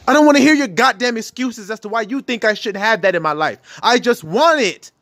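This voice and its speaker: A man's voice: very high voice, lively intonation, moderate pace, fairly bright tone, dry recording, voice pushed up, exaggerated voice. A man voicing an upset nine-year-old girl who pleads insistently for her father and curses. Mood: pleading, angry.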